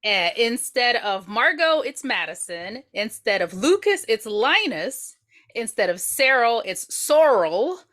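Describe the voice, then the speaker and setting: A woman's voice: fairly high pitch, big pitch swings, measured pace, fairly bright tone. A woman co-hosting a podcast, bantering playfully while recapping a TV episode. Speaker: podcast co-host. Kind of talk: casual chat recapping a TV episode.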